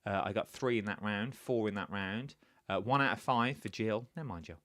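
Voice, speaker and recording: A man's voice: on the low side, brisk, fairly bright tone, no room sound, clean studio sound. A man hosting a live-stream quiz from his chair, chatty and teasing, often repeating answers. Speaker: quiz host. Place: indoors, seated at home.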